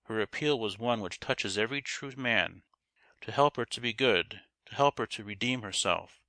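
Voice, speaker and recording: A man reading a Victorian novel aloud in a measured, expressive way. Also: lowish voice, no room sound. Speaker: audiobook reader. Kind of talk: scripted narration of a Victorian novel.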